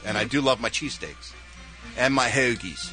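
A man's voice: medium pitch, lively intonation, moderate pace, bright, forceful tone, faint music behind. A man from Philadelphia, a regular on a radio morning show, doing a playful live read and hamming up his hometown accent. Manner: playful, hams up a Philly accent for laughs.

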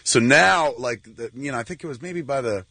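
A man in his forties telling stories as a guest on a talk show, acting out quotes with lively voices. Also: mid-range voice, moderate pace. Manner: animated storyteller, acts out quotes. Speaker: filmmaker guest. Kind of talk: casual talk-show storytelling.

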